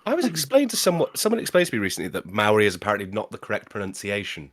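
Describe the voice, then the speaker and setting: A man's voice: fairly low pitch, wildly swooping pitch, racing, a bit bright. A man co-hosting a live-streamed chat, chatty and hedging what he says. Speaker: podcast co-host, voice actor.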